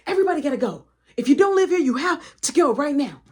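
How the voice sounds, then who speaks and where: A woman voicing her stern older grandfather, a former officer, barking gruff orders and threats. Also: high-pitched, very animated, fast talker, darkish tone, voice pushed up. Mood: commanding.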